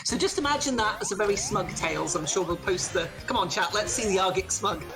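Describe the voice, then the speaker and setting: A woman's voice: medium pitch, a little fast, over music. A woman hosting a marathon stream, cheerfully reading out donation messages.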